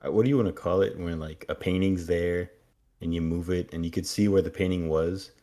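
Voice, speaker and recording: A man with a very low voice chatting casually on a podcast. He cracks wry jokes and drops into gruff voices for the characters now and then. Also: steady tone, brisk, mellow. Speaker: podcast co-host. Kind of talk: casual recap chat.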